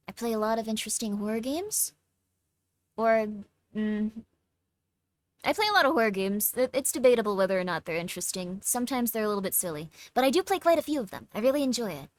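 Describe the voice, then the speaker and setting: Tired young woman streamer, slightly high voice, chatty and halting, dry close mic. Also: animated, dry recording. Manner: chatty, reads chat aloud, stumbles over words. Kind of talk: casual livestream chat.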